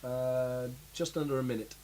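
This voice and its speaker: A man's voice: mid-range voice, steady tone, moderate pace, warm tone, a little hiss or hum. A young man co-hosting a casual chat about films, rambling with lots of fillers and restarts. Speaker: podcast co-host.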